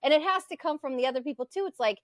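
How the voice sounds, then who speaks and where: A woman's voice: high-pitched, very fast, fairly bright tone, no echo, clean studio sound. A woman co-hosting a podcast, ranting in a heated, profane, casual political chat. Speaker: podcast co-host.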